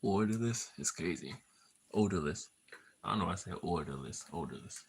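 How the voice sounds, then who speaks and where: A man's voice: deep voice, expressive, brisk, breathy edge, rough recording. A man rambling casually as he half reads a script, easily distracted, repeating himself and breaking into laughter and playful asides.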